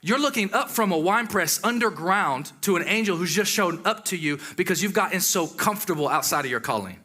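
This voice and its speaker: A man preaching a sermon in a lively, conversational way, with exclamations and asides to the congregation. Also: high-pitched, a little fast.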